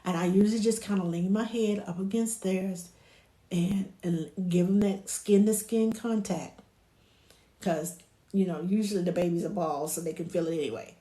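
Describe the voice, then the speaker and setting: In an echoey room, a woman whose voice sits on the low side gives casual baby-soothing tips as a childcare provider, at a moderate pace with fairly even intonation. Quoting her own words to the babies, she shifts to a hushed, soothing tone.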